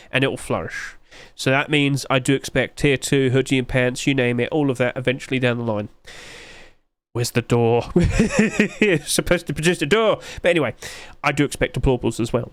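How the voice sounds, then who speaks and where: A man's voice: mid-range voice, smooth, no room sound. A man hosting a gaming video, talking casually and chattily, chuckling at himself as he rambles.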